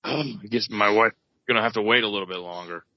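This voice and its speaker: A man voicing a tired, put-upon father stranded on a theme-park ride, speaking low and slow with heavy sighs. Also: no echo. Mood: resigned. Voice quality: low, deep voice. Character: weary man stuck on a ride. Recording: dull, lo-fi, dry podcast mic.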